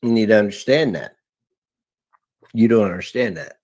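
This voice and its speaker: A man's voice: lowish voice, expressive, normal speed, darkish tone. A man in a clip from a livestream, lecturing the other person confrontationally. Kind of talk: livestream talk, played clip.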